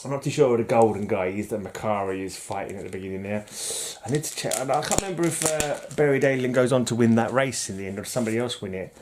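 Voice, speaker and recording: On his channel, a comic book collector chats casually in a medium-pitched voice, talking fast with hardly any pauses over a noisy background. He rambles, cracks jokes, and giggles a lot.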